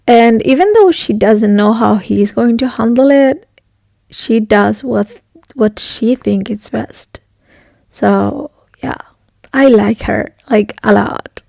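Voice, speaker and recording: A woman's voice: fairly high pitch, vocal fry, dark tone, no room sound, studio quality. A young woman chatting casually in a reading vlog, rambling and emotional, swearing often and sometimes dropping to a whisper. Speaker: book vlogger.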